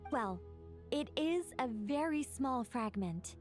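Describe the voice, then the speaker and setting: A calm, scholarly lady. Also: high-pitched, soft background music. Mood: measured. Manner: measured, explanatory. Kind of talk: video game voice acting.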